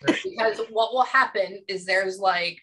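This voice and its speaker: Woman medium, bright and animated, thinks out loud. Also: mid-range voice, measured pace. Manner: excitable, chatty, thinks aloud. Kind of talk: live reading session with clients.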